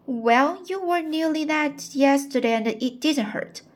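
A woman reading the part of a kind young woman student who gently comforts a friend. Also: sits high, a little slow, voice pushed up. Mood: comforting.

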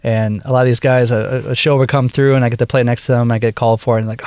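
A man in his thirties from Wisconsin with a Midwestern American accent, talking casually as a guest in a radio interview, relaxed and full of fillers. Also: medium pitch, fast, hardly any pauses, clear, resonant tone, no room sound, studio quality. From Wisconsin, USA. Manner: relaxed, chatty, laughs easily, many fillers. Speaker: bandleader and woodwind player, guest.

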